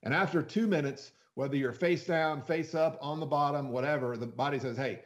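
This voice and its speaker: A man who is a freediving instructor, talking as a podcast guest in a casual, animated way, often restarting and acting out quoted voices. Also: fairly high pitch, brisk. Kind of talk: casual explanatory podcast talk.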